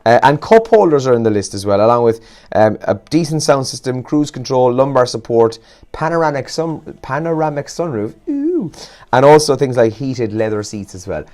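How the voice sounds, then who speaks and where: Tired, chatty Irish radio host. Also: male voice, medium pitch, expressive, brisk, darkish tone. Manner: chatty, rambling and self-deprecating. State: tired, yawning. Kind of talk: casual morning show chat.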